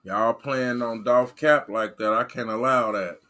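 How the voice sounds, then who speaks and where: A man's voice: medium pitch, steady tone, measured pace, bright, forceful tone. A man hosting a livestream and talking to his chat in a rambling, repetitive, fired-up way. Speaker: livestream host reading chat. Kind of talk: casual livestream rant.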